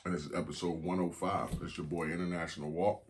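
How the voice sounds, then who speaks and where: Deep-voiced man, laid-back podcast host. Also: little pitch movement, fast talker, slight background noise. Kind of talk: casual chat.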